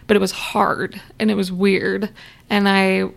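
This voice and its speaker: A woman's voice: medium pitch, little pitch movement, measured pace, creaky. A young adult woman, an interview guest, telling a personal story in a candid, chatty way and acting out remembered dialogue.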